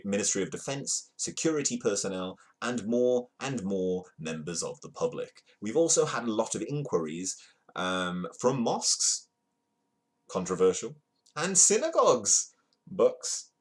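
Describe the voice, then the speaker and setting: A man's voice: fairly low pitch, animated, unhurried. A man hosting a livestream, reading news headlines aloud in a casual, playful way and greeting chat viewers between stories. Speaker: livestream host. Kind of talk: casual news read-through with jokey asides.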